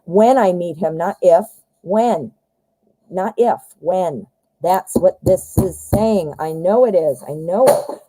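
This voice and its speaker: A woman's voice: on the low side, animated, takes it slowly, dark tone, dry recording, poor audio. A woman giving a live tarot reading from home, talking in a chatty, encouraging, upbeat way. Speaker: tarot reader.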